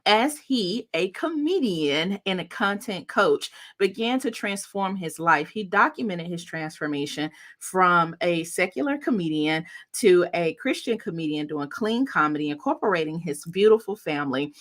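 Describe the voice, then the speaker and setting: A woman's voice: fairly low pitch, animated, normal speed, hardly any pauses. A woman hosting a casual online livestream, introducing a guest with upbeat, effusive hype. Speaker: host and content coach.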